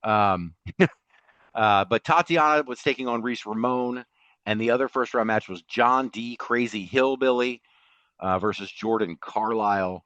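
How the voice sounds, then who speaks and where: A man co-hosting a casual podcast tells a story in an animated way and laughs often. His voice sits at a middle pitch. The recording is dry and close. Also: a little slow, no echo, muffled recording. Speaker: podcast co-host.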